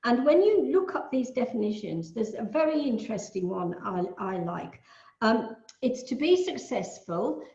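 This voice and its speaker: An older woman from the UK giving a measured online lecture on astrology, explaining ideas with musing asides. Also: on the high side, lively intonation, warm tone. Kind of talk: online talk with shared screen. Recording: echoey, dull lo-fi.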